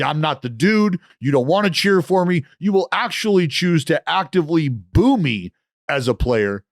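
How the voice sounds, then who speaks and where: A man's voice: high-pitched, dry recording, clean studio sound. A man co-hosting a sports podcast from a remote call, ranting emphatically in casual chat. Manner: heated, emphatic rants acting out a player. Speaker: podcast co-host.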